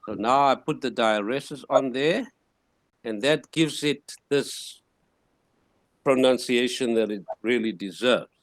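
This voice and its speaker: A man teaching a classroom lesson, sounding out words slowly syllable by syllable and repeating them. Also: medium pitch, dry recording.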